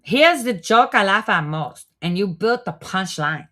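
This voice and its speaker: A smug male foreign spy lectures his listeners with gloating scorn, as a woman puts on his voice. He pitches his words higher than her usual low voice. The tone stays mocking and superior throughout the reading. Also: animated, moderate pace, fairly bright tone. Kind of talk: dramatic reading in character.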